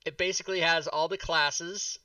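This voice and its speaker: Bright, slightly high male host, casual and jokey, heard a bit off-mic. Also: fairly even intonation, smooth, no room sound, far from the mic. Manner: jokey, rambling, quick asides. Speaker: talk show host. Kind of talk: casual streamed chat.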